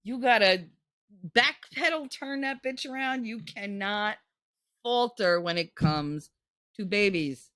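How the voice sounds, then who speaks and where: A woman hosting her channel, commenting casually on a book she reads from, blunt and joking, swearing freely and swooping into squeaky high notes. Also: takes it slowly, fairly bright tone, dry recording.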